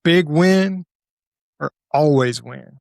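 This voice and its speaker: A man hosting a podcast, asking questions in a relaxed, agreeable way. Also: a little high, takes it slowly, gravelly, no room sound, clean studio sound. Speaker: podcast host. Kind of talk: casual interview.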